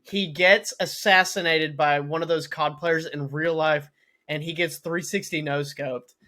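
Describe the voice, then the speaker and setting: A man's voice: on the high side, fairly even intonation, measured pace, sharp tone. A young man co-hosting a casual comedy podcast, riffing on jokes and laughing often. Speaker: podcast co-host.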